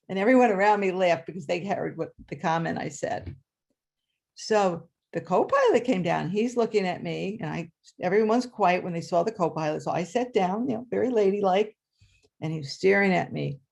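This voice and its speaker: A woman who was a third grade teacher, telling a personal story live to an audience with dramatic pitch leaps. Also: gravelly, a little mellow. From New York area. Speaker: storyteller, retired-style schoolteacher.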